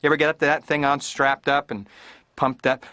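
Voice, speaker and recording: A middle-aged comedian playing a therapy patient in a cartoon, rambling in a self-deprecating stand-up routine. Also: male voice, fairly high pitch, level tone, brisk, very noisy, lightly acted. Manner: rambling, self-deprecating, slips into silly voices. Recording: dull dry cartoon soundtrack.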